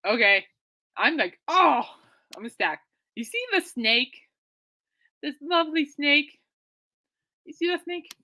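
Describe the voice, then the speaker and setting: Woman, podcast host, bright tense voice, chatty, excitable, loose rambling talk. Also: high voice, unhurried, pauses often. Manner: chatty, excitable, self-correcting. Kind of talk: casual rambling chat.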